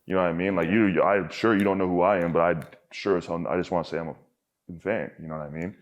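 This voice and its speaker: Low-voiced young man rambling candidly. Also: steady tone, quick pace, muffled recording. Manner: rambling, heavy filler words and frequent swearing. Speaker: podcast guest. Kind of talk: candid casual conversation.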